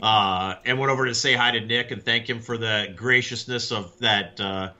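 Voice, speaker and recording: A man co-hosting a podcast, chatting casually and telling stories in an animated way. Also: lowish voice, normal speed, muffled recording. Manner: animated storyteller, acts out quotes. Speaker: podcast co-host. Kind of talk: casual chat.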